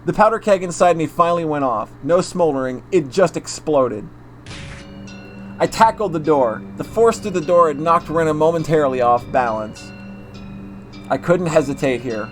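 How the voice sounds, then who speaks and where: A man's voice: a little high, lively intonation, soft background music. Man narrating a horror visual novel. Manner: measured first-person narration with occasional restarts. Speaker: reader. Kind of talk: reading a visual novel aloud.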